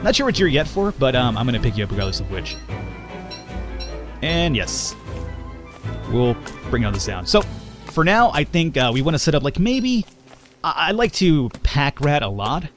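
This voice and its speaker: A man's voice: a little high, moderate pace, pauses often, music in the background. A man hosting a casual let's play, chatting and joking as he plays. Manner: chatty, jokey, animated. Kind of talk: casual gameplay commentary.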